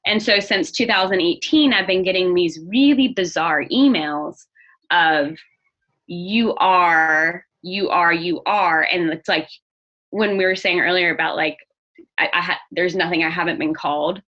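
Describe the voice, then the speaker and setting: Bright earnest young woman, candid interview guest, slightly muffled lo-fi sound. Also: lowish voice, normal speed. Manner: earnest, open, restarts often. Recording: dull lo-fi audio.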